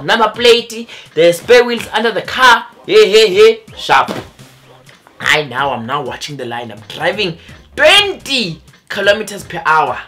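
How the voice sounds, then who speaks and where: A young man from South Africa telling an animated storytime vlog, acting out the other people's voices. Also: sits high. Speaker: vlogger.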